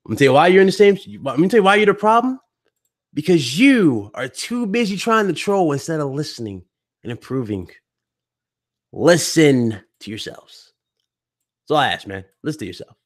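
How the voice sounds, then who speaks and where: A male streamer holds forth to his live chat, heated and blunt, mocking the people he argues with. His voice sits a little high for a man and swings widely up and down as he rants. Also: animated, moderate pace. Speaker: gaming podcast host.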